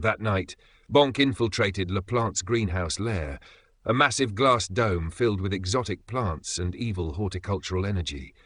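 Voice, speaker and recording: Male comic-story narrator, low, bright tone. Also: no echo.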